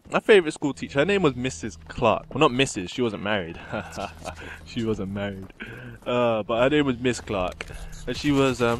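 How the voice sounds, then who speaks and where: Lively young man telling a story. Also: mid-range voice, slight background noise. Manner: chatty, giggly, rambling with fillers. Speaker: gaming commentator. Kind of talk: casual storytelling over gameplay.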